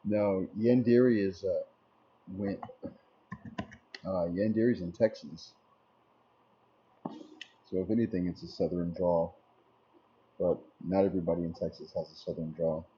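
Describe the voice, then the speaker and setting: A deep-voiced man talks a little slowly and pauses often as he rambles casually on a live stream, reading and replying to viewer messages out loud. The sound is dull lo-fi stream audio with a faint hiss.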